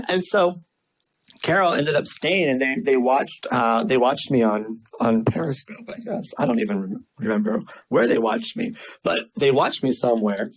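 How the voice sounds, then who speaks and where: Animated, sassy vlogger with lively pitch. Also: moderate pace, a little hiss or hum, poor audio. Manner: acts out quoted voices with big pitch swings. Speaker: vlogger and small business owner. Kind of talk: casual storytelling and marketing tips.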